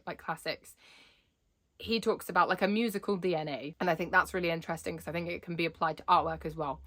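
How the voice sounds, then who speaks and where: A woman's voice: lowish voice, a bit bright. Bubbly rambling young woman vlogger. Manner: bubbly, rambling, laughs often. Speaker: Disney vlogger. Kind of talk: chatty vlog.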